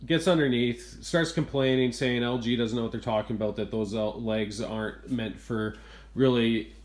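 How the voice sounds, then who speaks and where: A man filming at home, retelling a bad repair visit in an exasperated, hurried rant. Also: medium pitch, steady tone. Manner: exasperated, retelling events in a rush. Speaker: homeowner reviewing appliances. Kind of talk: ranting home video complaint. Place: inside a home kitchen.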